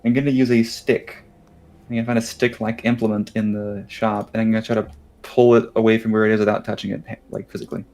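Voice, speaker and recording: A man's voice: on the low side, little pitch movement, fast, a little mellow. A man playing in a tabletop game, stating his character's actions in a plain, matter-of-fact way. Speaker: player. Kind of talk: casual tabletop play.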